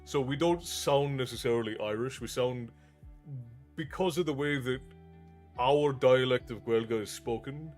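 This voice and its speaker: Middle-aged male streamer, from Newfoundland, Americanized accent with hints of Newfie, casual and halting, average pitch, light music behind. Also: a little mellow. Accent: Americanized with Newfoundland traces. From Newfoundland, Canada. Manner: pauses to think, frequent restarts. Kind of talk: casual chat with live chat.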